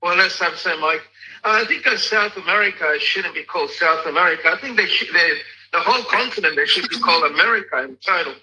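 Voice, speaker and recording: High-voiced Australian host over radio-like sound. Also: male voice, fast, low-quality recording. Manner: relaxed, brief questions and prompts. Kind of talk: casual chat.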